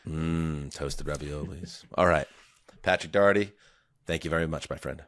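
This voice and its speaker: A man's voice: extremely low pitch, moderate pace, fairly bright tone. A man hosting a football podcast, joking and teasing his guests. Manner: jokey, playful teasing. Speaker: podcast host. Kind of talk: casual podcast chat.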